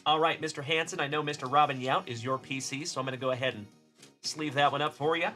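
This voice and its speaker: A man's voice: fairly high pitch, steady tone, fast, pushed and bright, faint music behind. A middle-aged man from South Texas hosting a casual card-breaking livestream, chatty and upbeat, greeting viewers by name.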